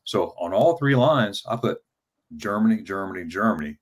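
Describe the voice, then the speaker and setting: A man's voice: on the low side, expressive, normal speed. A man in his fifties who tells a long personal story in a casual interview, stammering and repeating words with many fillers. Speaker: travel vlogger telling his story as an interview guest.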